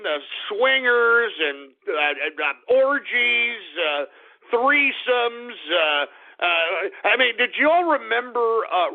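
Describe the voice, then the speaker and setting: A middle-aged man with a rather high voice holds forth as a talk radio host, blunt and crude. The audio is narrow and tinny, like it's coming over a phone line. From Texas. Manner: blunt, crude, opinionated ranting. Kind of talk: ranting call-in radio talk.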